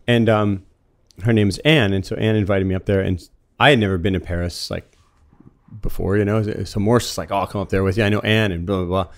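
A man in his fifties from Florida, a guest telling relaxed stories in casual conversation. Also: on the low side, fast. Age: 50s. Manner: relaxed and chatty, laughs easily while telling anecdotes.

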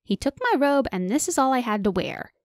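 A woman's voice: on the high side, big pitch swings, fairly quick, no room sound, clean studio sound, pitched above the performer's own voice. A woman reading the lines of a cheeky, teasing young male enchanter. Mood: whiny.

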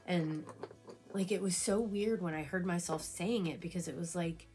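Loud music plays behind this woman as she talks at a normal speed in a voice on the low side. She's a beauty vlogger getting ready on camera, casually sharing an emotional personal story packed with fillers and repeats.

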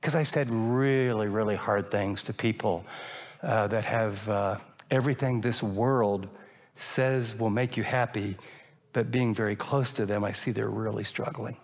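An older man preaching a sermon as a pastor, animated and acting out little dialogues. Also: lowish voice, measured pace. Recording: long reverb of a large hall.

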